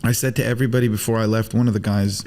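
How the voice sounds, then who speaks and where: A man telling stories as a podcast guest in casual chat, animated, acting out quotes and using Arabic religious phrases. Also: on the low side, racing. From Arab world.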